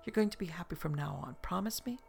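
A kind young nurse in a storybook reading, as a gravelly narrator puts her on, soft-spoken and reassuring. The tone stays calm, a touch raised, with fry in the voice. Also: medium pitch, fast, faint music behind. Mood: soothing. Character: gentle, soothing young woman nurse.

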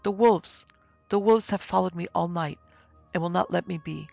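A man reading aloud, voicing a frightened lone woman lost in a wolf-filled forest, who pleads in a high, breathless voice. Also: normal speed, creaky, darkish tone, soft background music. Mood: desperate pleading.

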